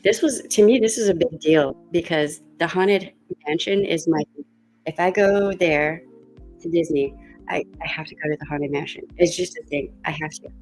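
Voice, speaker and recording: A woman's voice: low voice, normal speed, a little mellow, faint music behind. A woman vlogger chatting casually while doing her makeup, thinking aloud with fillers and coughing now and then as she gets over a cold. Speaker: beauty vlogger.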